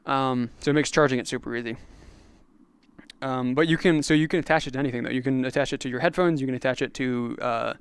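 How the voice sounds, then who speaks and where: A man's voice: medium pitch, quick pace, clear, resonant tone, no echo. A young man chatting casually on a livestream, rambling with lots of fillers while answering chat. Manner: rambling, filler-heavy, reads chat aloud. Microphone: clip-on magnetic microphone.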